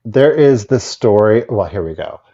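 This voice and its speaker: A man's voice: on the low side, lively intonation, normal speed, creaky, mellow, dull audio. A man hosting a live vintage sale, chatting enthusiastically as he shows items and runs the bidding. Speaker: live auction seller.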